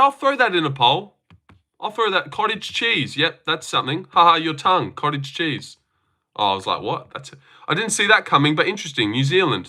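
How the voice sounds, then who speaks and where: Brash, bright-voiced young streamer guy. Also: on the high side. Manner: brash and profane, banters with chat. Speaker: livestream host. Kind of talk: casual livestream chat reading comments.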